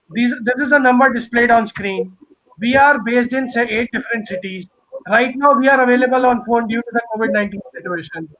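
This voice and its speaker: A man's voice: extremely high pitch, dull audio. A man hosting a live webinar, answering questions and promoting services in repetitive, listed phrases. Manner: repetitive, listing phrases in a row. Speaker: webinar host.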